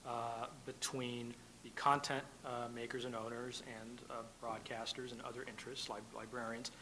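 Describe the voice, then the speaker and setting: A man speaking as a panelist at a policy event, halting, with many fillers and restarts. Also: medium pitch, little pitch movement, background noise. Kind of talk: panel discussion. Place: conference room.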